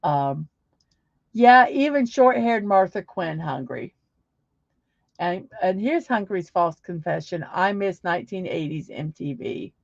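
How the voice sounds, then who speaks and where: A woman's voice: on the low side, animated, a little slow, vocal fry, no echo. A woman hosting a casual livestream, chatting upbeat and reading viewer comments aloud. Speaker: livestream host. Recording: dull lo-fi sound.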